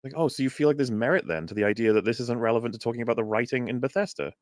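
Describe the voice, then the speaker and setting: A man's voice: mid-range voice, very fast, no echo, studio quality. A man on a podcast panel, talking in an exasperated, mocking way and often laughing. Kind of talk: heated casual panel chat.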